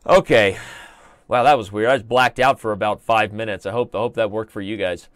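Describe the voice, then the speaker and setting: A man's voice: lowish voice, fairly even intonation, no room sound, clean studio sound. A man hosting a live chess stream, commenting on games in a playful, joking way. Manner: playful, joking, fast-moving.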